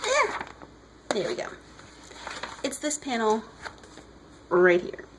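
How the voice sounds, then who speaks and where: A woman giving an excited, casual comic review while standing, often restarting her sentences. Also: medium pitch, takes it slowly, slight background noise, low-quality recording.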